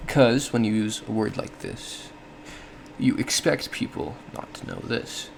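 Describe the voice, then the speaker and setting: A man's voice: mid-range voice, steady tone, unhurried, vocal fry, slight background noise. A man giving a casual explanatory monologue, thinking aloud with frequent self-corrections and small laughs. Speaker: solo podcast host.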